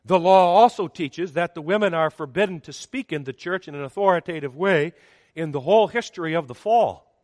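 High-voiced man preaching with emphatic stresses. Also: darkish tone, studio quality. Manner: emphatic, measured preaching with rising and falling stresses. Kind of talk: sermon. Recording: long hall reverb.

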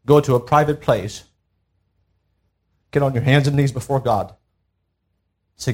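A man's voice: mid-range voice, a little slow, pauses often. A man preaching a sermon to a church congregation, emphatic, pressing his listeners with rhetorical questions. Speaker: pastor. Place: church service.

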